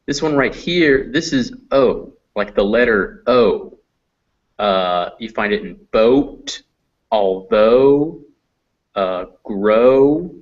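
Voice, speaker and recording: A man's voice: lowish voice, animated, takes it slowly. A man teaching a phonetics class, patiently explaining sounds and drawing out example words. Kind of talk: classroom lesson. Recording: dull lo-fi recording.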